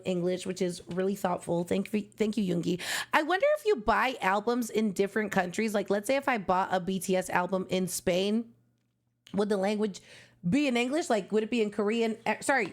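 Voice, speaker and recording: A woman vlogger chatting casually through an album unboxing, excitable and slangy, often gasping and exclaiming. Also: medium pitch.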